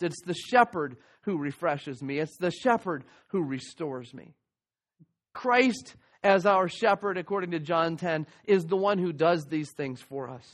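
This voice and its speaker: A man's voice: fairly high pitch, a bit bright. A man preaching a sermon, teaching earnestly and reading scripture aloud. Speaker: pastor.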